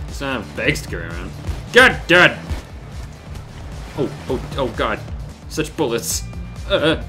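Man, gameplay commentary, bright sharp tone, lively swooping pitch, loud outbursts and swearing, unhurried between yells, faint game music behind. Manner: excitable, shouts and swears at the game, sarcastic jokes. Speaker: let's play gamer.

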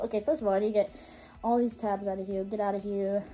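A woman's voice: medium pitch, flat delivery, fast, mellow. A young woman filming a music reaction vlog, gushing and squealing, repeating "oh my god" over and over.

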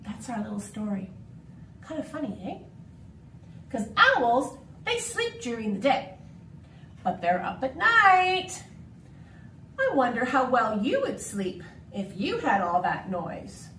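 A woman speaks to children in a high, sing-song voice, unhurried and animated. She sounds set back from the microphone. The room around her rings with echo under a faint hum. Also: recorded from a distance. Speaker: children's library host. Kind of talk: storytime and craft instructions. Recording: echoey room, speaker off-mic.

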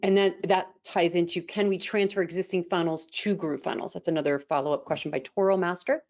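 A woman with a slightly low voice co-hosts a casual Q&A. She reads viewer questions aloud and laughs often. The audio is a little dull and muffled. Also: fairly even intonation, brisk, a little mellow. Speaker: coach and co-host reading viewer questions. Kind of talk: casual Q&A hosting.

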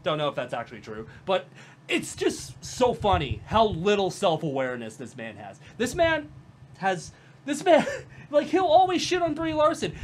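A woman's voice: medium pitch, huge pitch swings, normal speed. A woman giving mocking reaction commentary, sarcastic and profane, often breaking into laughter. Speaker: commentary vlogger.

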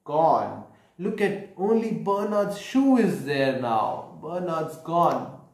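A man reads a picture book to children slowly and with a lot of lively swing in his voice. He pauses to explain the pictures and asks his young listeners questions, his voice echoing in the room. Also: a little high. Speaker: storyteller. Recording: echoey room.

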